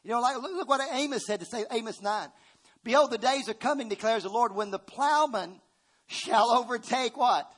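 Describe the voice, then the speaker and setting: A middle-aged man preaching a sermon in a notably high voice. He is emphatic, jumping from loud, ringing lines down to hushed asides, and keeps calling on the congregation to answer back. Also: moderate pace, slightly rough. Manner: calls on the congregation to respond.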